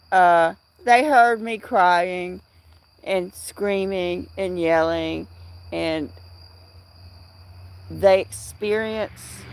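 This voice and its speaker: Slow, halting middle-aged woman livestreamer. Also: fairly low pitch, smooth. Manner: rambling, halting, with many fillers and restarts; replies to chat viewers by name. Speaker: livestream host. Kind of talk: casual livestream chat.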